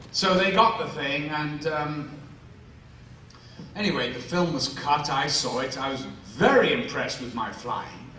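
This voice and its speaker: Man, lively self-mocking storyteller, bright tone, faint background noise. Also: on the high side, recorded from a distance. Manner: animated, self-mocking storyteller acting out voices. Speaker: actor answering fan questions. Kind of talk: anecdotal storytelling on stage. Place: large convention hall. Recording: echoey hall, mic heard from afar.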